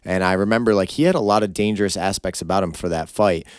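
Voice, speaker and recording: A man hosting a podcast interview, walking back through a fighter's career in measured, deliberate recaps. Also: low voice, a little mellow, clean tone, dry recording, studio quality. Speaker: podcast host and coach.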